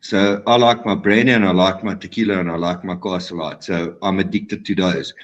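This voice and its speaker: A man's voice: deep voice, steady tone, brisk. A man, a participant in a recovery discussion, speaking bluntly and wryly over a dull lo-fi line. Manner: blunt, wry. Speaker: group participant. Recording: dull lo-fi sound.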